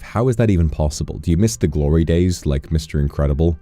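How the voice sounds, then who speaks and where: A man's voice: extremely low pitch, fast, no room sound, faint music behind. A man chatting casually on a livestream, playful and teasing as he tells stories. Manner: playful, teasing, animated storyteller. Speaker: streamer.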